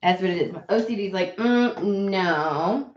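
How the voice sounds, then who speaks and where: A woman's voice: fairly low pitch, fairly even intonation, very fast, darkish tone, a little hiss or hum. A woman hosting a casual tarot live stream from home, chatting in a rambling way and swearing freely as she talks into a webcam. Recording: roomy, slightly dull home webcam audio.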